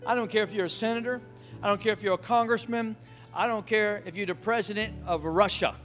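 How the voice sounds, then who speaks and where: A man preaching a sermon with emphatic call-and-response, folksy phrasing, and shouted hallelujahs. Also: sits high, fairly even intonation, fairly quick, soft background music. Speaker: pastor.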